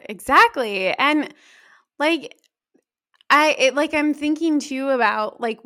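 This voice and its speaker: A woman's voice: on the high side, fairly bright tone, no echo, studio quality. A woman co-hosting a podcast on fertility nutrition, talking casually and enthusiastically with many fillers. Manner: enthusiastic, emphatic, rambling with fillers.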